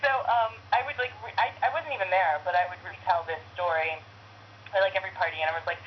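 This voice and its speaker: Lowish-voiced woman on the phone. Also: fast talker, slight background noise. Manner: animated storyteller, many fillers. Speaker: guest, voice actress. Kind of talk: casual phone chat. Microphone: speakerphone. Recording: dull speakerphone line.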